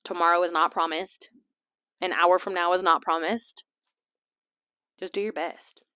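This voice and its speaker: A woman hosting a casual podcast, chatty and laughing often, slipping into quiet asides. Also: lowish voice, fairly even intonation, unhurried, no echo, clean studio sound. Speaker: podcast host. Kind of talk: casual chat. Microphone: small desk mic.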